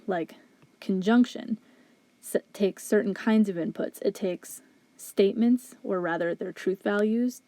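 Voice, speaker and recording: A philosophy instructor teaches logic in a recorded lecture, working methodically through exam questions one step at a time while thinking aloud. She has a mellow, mid-range voice, and the recording is dry.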